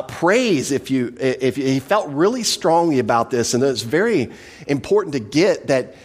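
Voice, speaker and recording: A man preaching an expository sermon, animated, acting out quoted lines with emphatic voices. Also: mid-range voice. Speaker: pastor. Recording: reverberant hall.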